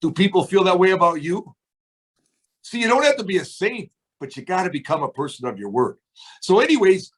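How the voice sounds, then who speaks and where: High-voiced man giving a motivational talk. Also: sing-song, brisk, a bit bright, breathy edge. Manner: emphatic, acts out phone calls, asks the audience rhetorical questions. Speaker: business trainer on a team call. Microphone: video call.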